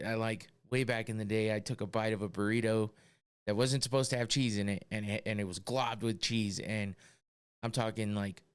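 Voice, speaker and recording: A man's voice: fairly low pitch, clear, resonant tone. A man hosting a podcast, ranting casually with lots of swearing, exasperated and often breaking into laughter. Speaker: podcast host.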